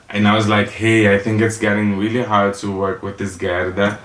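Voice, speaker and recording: A comedian telling stories in a campy, sassy stand-up monologue, acting out the people in them. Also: male voice, on the low side, level tone, normal speed, hardly any pauses, fairly bright tone. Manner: campy, sassy storytelling with acted-out quotes. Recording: roomy echo.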